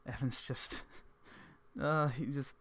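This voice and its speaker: A young man narrating a tabletop game as game master, relaxed and hesitant. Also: medium pitch, takes it slowly. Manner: relaxed, hesitant, many fillers.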